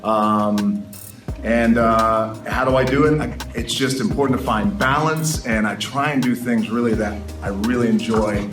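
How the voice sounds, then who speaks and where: Relaxed man in an echoey, distant recording. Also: lowish voice, a little slow. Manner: relaxed, rambling, filler words. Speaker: actor. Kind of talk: casual interview answer. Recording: echoey, distant mic, music over it.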